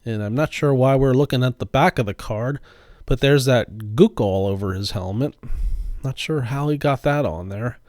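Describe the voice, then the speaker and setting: Slow, dry-voiced man narrating pack openings. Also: mid-range voice, a little mellow, dry recording. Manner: slow, deliberate, lilting commentary. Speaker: card collecting channel host. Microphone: voice-over recorded after the footage.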